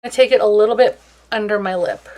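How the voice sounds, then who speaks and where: A young woman talks her way through a makeup tutorial in a loose, chatty manner. She pokes fun at herself now and then, and her pitch sits in an ordinary middle range. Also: a little fast, darkish tone. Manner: casual and chatty, self-deprecating. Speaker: beauty vlogger.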